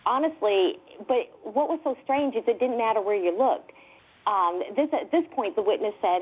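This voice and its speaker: A woman investigator telling a story with excitement, laughing often and using many fillers. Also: on the high side, moderate pace, slightly rough. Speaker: guest UFO investigator. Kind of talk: animated storytelling. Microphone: telephone. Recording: tinny phone line.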